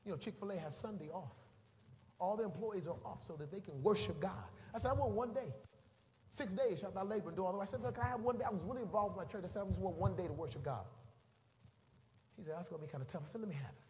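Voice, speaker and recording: A middle-aged male pastor preaches a sermon, racing through an animated story in a high voice, acting out the people in it and making beeping sounds. The recording has a reverberant hall sound, faint ambience, and slight background noise.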